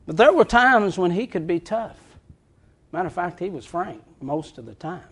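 A man's voice: high-pitched, very animated, moderate pace, a bit bright, slightly rough. A male pastor preaching a sermon in a frank, folksy way, with chuckling asides.

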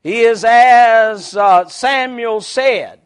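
Very high-voiced, slow preaching man. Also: clear, resonant tone. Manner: reads scripture in old-fashioned biblical wording, then comments; slows and swells in volume on key words. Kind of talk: sermon.

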